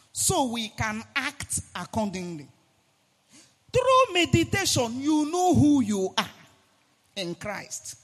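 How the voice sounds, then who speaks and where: A man with a Nigerian accent preaching a sermon, animated and sing-song, rising now and then to a shout. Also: very high-pitched. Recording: long hall reverb.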